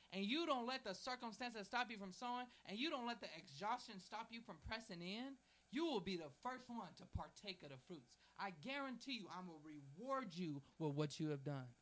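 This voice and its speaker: Fervent preacher man with a higher voice. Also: fairly bright tone. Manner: fervent, emphatic preaching with rising repeated phrases; informal, folksy asides. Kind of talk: sermon with a read-aloud prayer.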